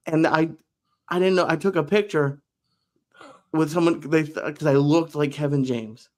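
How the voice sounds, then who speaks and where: A man in a casual podcast chat, telling animated, self-deprecating stories. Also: fairly high pitch, moderate pace. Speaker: podcast co-host.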